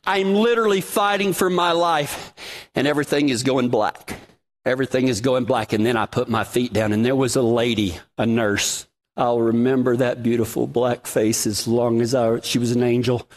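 A man's voice: medium pitch, steady tone, moderate pace. A man preaching a sermon, telling his own story in a folksy, dramatic way.

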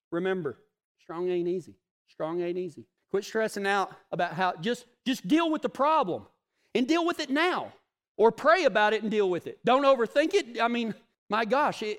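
High-voiced emphatic cowboy preacher, reverberant. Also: male voice, fairly bright tone. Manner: emphatic, repeats key phrases, plainspoken. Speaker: cowboy ministry leader. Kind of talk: folksy devotional sermon.

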